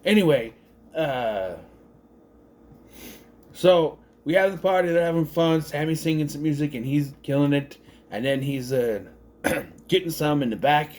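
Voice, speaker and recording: A man's voice: a little high, a little slow, pauses often, darkish tone. A man giving a casual spoken movie review, rambling and correcting himself as he thinks aloud.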